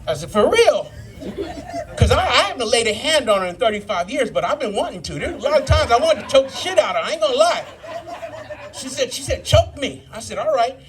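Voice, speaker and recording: A man's voice: extremely high pitch, very animated, quick pace, fairly bright tone. A man in his fifties doing a live stand-up set, telling profane stories and working the crowd. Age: 50s. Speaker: stand-up comedian. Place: live brew pub comedy show.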